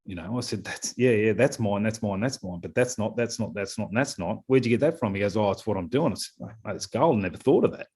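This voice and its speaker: A man's voice: fairly low pitch, animated, fast, hardly any pauses, darkish tone, slightly rough. A middle-aged Australian man, a scrum coach talking in a casual podcast interview, rambling with lots of fillers and repeated words.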